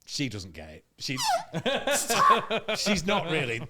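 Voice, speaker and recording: Animated sweary comic storyteller. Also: male voice, on the high side, takes it slowly, heavy background noise. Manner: animated, sweary, laughs through his own story. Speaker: comedian guest.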